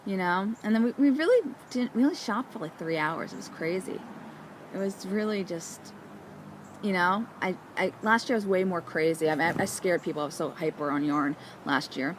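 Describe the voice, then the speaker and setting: A woman's voice: lowish voice, moderate pace, slight background noise. Bubbly woman knitting vlogger outdoors. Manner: bubbly and excitable, with frequent laughs. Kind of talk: casual chat.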